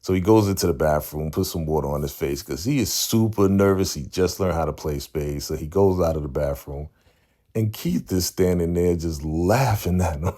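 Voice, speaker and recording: This is a man with an extremely low, dark voice who recaps a TV episode in a loose, casual way. He chats along, acts out what the characters say and keeps checking in with a "right?" His tone stays warm and mellow throughout. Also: normal speed. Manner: laid-back, conversational, often tags sentences with "right?" and acts out lines. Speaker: TV recap channel host.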